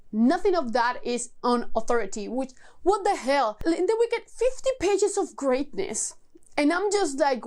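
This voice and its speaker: A woman's voice: high voice, darkish tone. A young woman reviewing books in a casual vlog, exasperated and emphatic, sighing, swearing and repeating herself for effect. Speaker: book vlogger.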